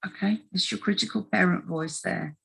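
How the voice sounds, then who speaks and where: A middle-aged woman with a fairly low voice talks through her coaching work in a relaxed interview. She is animated, slipping into quick voices as she quotes people. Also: vocal fry, breathy edge, rough recording. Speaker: health coach guest. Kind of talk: casual conversational interview.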